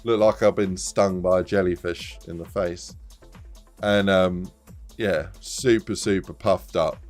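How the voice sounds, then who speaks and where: Low-voiced man telling a story. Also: measured pace, faint music behind. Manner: animated, rambling, laughs often. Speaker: streamer. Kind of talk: casual storytelling on a live stream.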